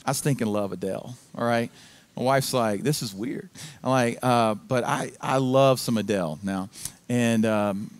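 A man's voice: mid-range voice, moderate pace, clean tone, no room sound. A man preaching a sermon as pastor in a church, in a casual, conversational storytelling manner. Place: church sanctuary.

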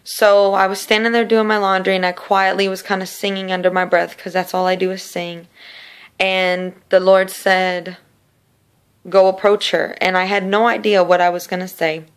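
A woman's voice: medium pitch, level tone, clear, resonant tone. A woman sharing a personal faith testimony in an earnest, casual storytelling way, often repeating words. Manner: earnest, repetitive, slow in places.

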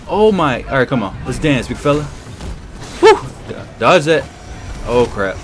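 A man hosting his gaming channel, reacting excitably and exclaiming as he plays. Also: mid-range voice, moderate pace. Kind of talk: live gameplay commentary.

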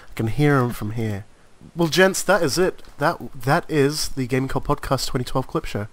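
A man's voice: mid-range voice, normal speed. A man hosting a podcast, joking casually and wrapping up the show with plugs. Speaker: podcast host. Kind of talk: casual chat.

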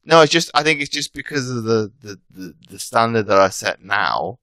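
A man's voice: medium pitch, lively intonation, normal speed, sharp tone, no echo. A British man in his thirties chatting casually as an interview guest, talking in loose, rambling sentences full of restarts and self-corrections. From Britain. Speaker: podcast guest, coach.

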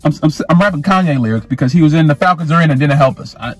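A man vlogging as a sports fan in a casual rant, animated, repeating and stumbling over his words. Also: fairly high pitch, fast talker, pauses often, husky, soft background music. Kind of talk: casual ranting vlog.

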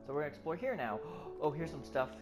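Excitable, foul-mouthed gamer with music behind. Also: mid-range voice, quick pace. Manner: excitable, swears constantly. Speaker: let's play gamer. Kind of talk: live gameplay commentary.

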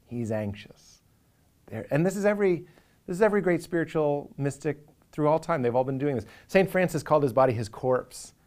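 A man's voice: on the high side, lively intonation, a little fast, darkish tone. A man, a comedian talking earnestly and with animation in a reflective interview, now and then acting out inner voices for a laugh.

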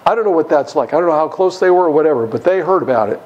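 A man's voice: on the high side, expressive, very fast, a little mellow, lo-fi sound. A man preaching a Bible study sermon in a church, emphatic and chuckling as he goes.

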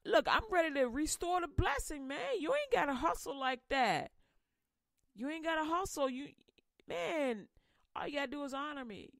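A woman voicing God as a gentle, reassuring male figure speaking softly and pleadingly. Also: high-pitched, big pitch swings, normal speed, vocal fry, no echo, studio quality, pitched above the performer's own voice, heavily acted.

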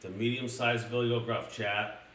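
A young man streaming a crude comedic storybook reading, excitably addressing his chat. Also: mid-range voice, normal speed, recorded from a distance. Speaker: streamer reading a children's book. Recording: roomy, a little off-mic, faint noise.

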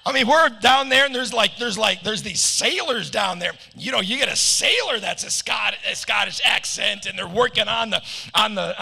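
High, bright-voiced American pastor in a hall. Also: male voice, gravelly, slightly rough. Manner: joking asides, playful storytelling. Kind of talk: sermon. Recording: long hall reverb.

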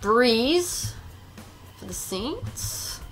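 A woman hosting a live trading card break, reading out each pull in a steady rundown and gasping and squealing over the good ones. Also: a little high, very slow, soft background music. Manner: reads out names in a steady rundown. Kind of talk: live stream commentary.

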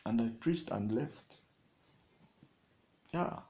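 A man preaching a sermon, swinging between loud declarations and quiet, chuckling asides. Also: medium pitch, lively intonation, drawn-out words, muffled recording.

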